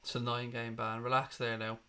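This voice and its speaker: With a level, smooth mid-range voice that sounds pushed and bright, a football fan channel host speaks at normal speed during a live watchalong. He reacts bluntly to the match, swears freely, and talks his viewers through the game.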